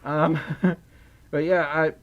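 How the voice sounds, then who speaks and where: Another young streamer, slightly high-voiced, reads donations with a flat delivery and drawn-out words, the recording's highs cut off. He's rambling and giggly, easily pulled off track as he chats.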